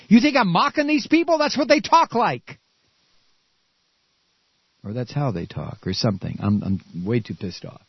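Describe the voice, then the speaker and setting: Furious stammering radio host. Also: male voice, fairly high pitch, expressive, moderate pace, pauses often, slightly rough, no room sound, muffled recording. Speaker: radio talk show host. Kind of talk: angry political rant.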